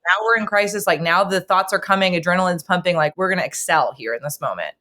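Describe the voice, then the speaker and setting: Low-voiced woman telling stories. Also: fast talker. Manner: lively storyteller, acts out quoted voices. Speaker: podcast guest, host's best friend. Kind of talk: casual chat.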